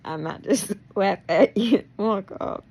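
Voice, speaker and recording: A woman's voice: medium pitch, slow, dark tone, breathy edge. A middle-aged woman in a rambling, emotional personal monologue, confronting someone directly and laughing through her anger.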